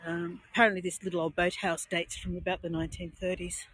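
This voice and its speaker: An Australian woman guiding a live walking tour outdoors on a coastal headland, talking in a chatty, meandering, gentle way into a handheld phone. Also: lowish voice, level tone, fast, slightly rough, no echo, low-quality recording. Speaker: tour guide.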